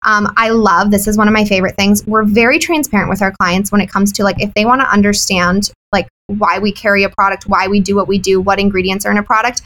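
Guest, woman, wellness business owner: quick, candid, chatty, lots of fillers. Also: medium pitch, fairly even intonation, fairly bright tone, low-quality recording. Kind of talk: casual interview chat.

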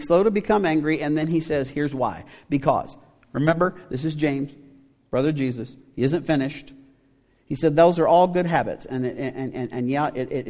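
A middle-aged male pastor with a voice on the high side and a little mellow preaches a conversational sermon, putting rhetorical questions to his congregation. He is in a church sanctuary, and the recording carries the long reverb of a church hall.

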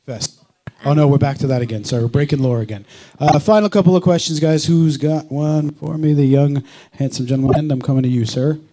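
A man's voice: fairly high pitch, steady tone, a little fast, few pauses, warm tone. A man moderating a live panel, upbeat and joking as he hands the mic around the audience. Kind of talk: live event hosting.

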